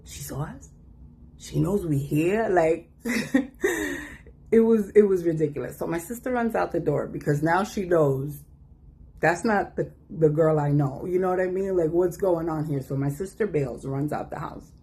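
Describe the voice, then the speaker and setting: A woman telling a personal story in a casual, animated way, acting out the voices of the people in it. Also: deep voice, moderate pace, breathy edge. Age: adult. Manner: animated, acts out quoted voices.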